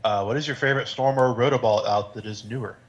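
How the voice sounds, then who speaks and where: A man's voice: medium pitch, fairly even intonation, fast talker, highs cut off. A man from North Carolina with no Southern accent, co-hosting a casual stream over a video call. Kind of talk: casual livestream chat.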